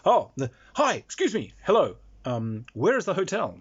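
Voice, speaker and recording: Brash modern young man out of his time, played by a man, husky voice, lively lecturing swings. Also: medium pitch, fairly quick, dry recording. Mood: polite. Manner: eager, pushy, lecturing. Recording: dull lo-fi recording.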